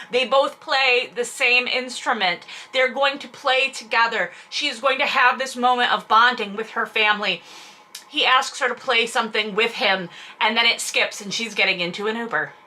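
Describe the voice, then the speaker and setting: A woman's voice: a little high, bright, forceful tone. A woman hosting a casual commentary where she reads and roasts a novel, speaking with a lisp and a stutter in a sarcastic, profane, exasperated way. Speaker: host reading and roasting a novel.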